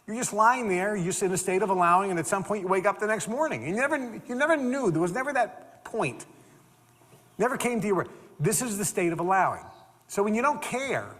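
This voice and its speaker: An older man giving an animated storytelling talk as a motivational speaker, repeating words and acting out the people in his stories. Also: sits high. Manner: animated, repeats words, acts out quoted dialogue. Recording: long reverb of a hall.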